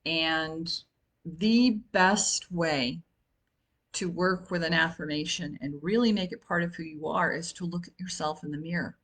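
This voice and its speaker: Woman, 50s, wellness coach; casual lecture delivery, fillers and restarts, slightly low voice. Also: measured pace, fairly bright tone. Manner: chatty, with many fillers and restarts. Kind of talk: informal talk on self-help.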